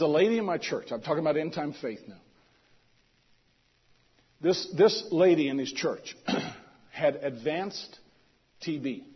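A male preacher telling a story in a sermon, swinging between loud emphasis and hushed asides. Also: fairly high pitch, breathy edge, lo-fi sound.

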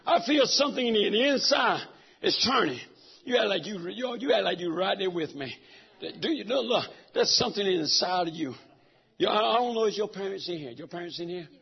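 Middle-aged preacher, very high raspy voice, dull lo-fi church recording. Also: male voice. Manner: preaches fervently, swinging from soft talk to shouts. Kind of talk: sermon. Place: church sanctuary.

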